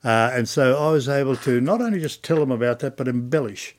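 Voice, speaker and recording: An older Australian man telling stories in an oral history interview, chatty and animated, acting out old conversations. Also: mid-range voice, fairly quick. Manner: chatty storyteller, acts out dialogue.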